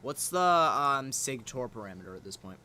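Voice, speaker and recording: A young man co-hosting a weather livestream, joking and bantering with dark humor. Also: medium pitch, sing-song, normal speed, a little hiss or hum. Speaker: weather stream co-host. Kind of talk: casual livestream weather talk.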